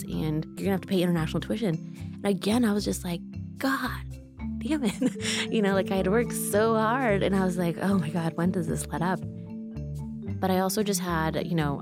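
Low-voiced woman telling her story. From Mexico. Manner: candid, conversational, many fillers and acted-out quotes. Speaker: interviewee. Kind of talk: personal storytelling interview. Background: music.

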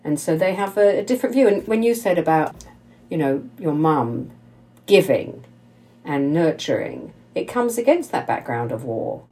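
A woman's voice: sits low, big pitch swings, normal speed, warm tone. A woman interviewing a guest in conversation, emphatic and effusive.

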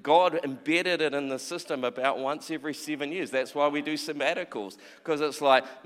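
Preaching conversationally, a man repeats words and takes on the voices of those he quotes, his sermon carrying the long reverb of a big hall. His voice is a little high and a bit bright, with a steady tone, moderate pace, and few pauses.

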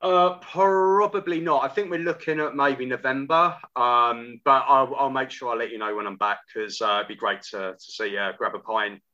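A man's voice: medium pitch, fairly even intonation, normal speed, hardly any pauses, sharp tone, muffled recording. A man as a podcast guest, telling casual anecdotes with quoted asides. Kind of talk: casual chat.

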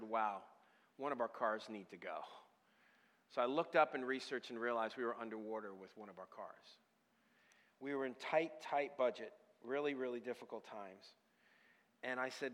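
A man preaching a sermon, telling a personal story and building from quiet storytelling to loud, passionate crying out. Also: mid-range voice. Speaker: pastor. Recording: hall with long reverb.

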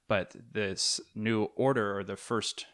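A man's voice: fairly low pitch, slow. Rambling young man telling stories. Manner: rambling, animated storytelling with fillers. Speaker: podcast co-host. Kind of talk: casual chat.

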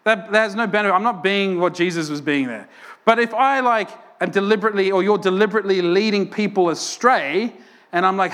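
Guy preaching, high voice, super animated, does voices for quotes. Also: quick pace. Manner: animated storytelling, acts out quotes loudly. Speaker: pastor. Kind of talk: sermon.

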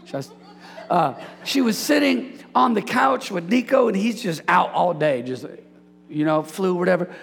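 A man preaching a lively sermon as pastor, joking and calling out to the congregation. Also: high voice, normal speed, vocal fry, breathy edge. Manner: animated, preachy, jokes with congregation. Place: church sanctuary. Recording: hall reverb.

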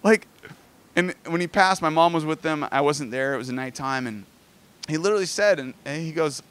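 Man, pastor, sermon storytelling, conversational, fairly high voice, animated. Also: brisk, clean tone. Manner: conversational, animated, rises in pitch when moved. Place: outdoors near sand.

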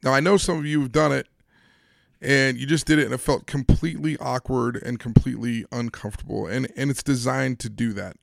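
A man's voice: medium pitch, fairly even intonation, brisk, creaky, dry recording, studio quality. A man hosting a solo motivational podcast, upbeat and speaking straight to his listeners with questions and instructions. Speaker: podcast host.

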